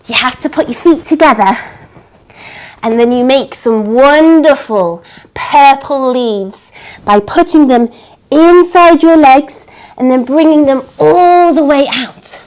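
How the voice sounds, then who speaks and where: Woman kids' yoga teacher, high and unhurried, animated storyteller. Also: low-quality recording. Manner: animated, coaxing instructions with gasps and exclamations. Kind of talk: storytelling yoga class for children.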